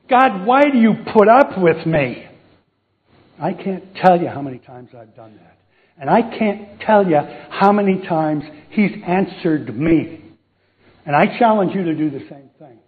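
A man preaching a casual sermon, telling a Bible story, acting out the voices and joking with the audience. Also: sits high. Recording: tinny phone-like sound.

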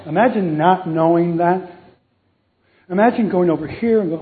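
A man's voice: high voice, moderate pace, pauses often. A man preaching a sermon, joking and quizzing the congregation with questions. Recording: tinny phone-like recording.

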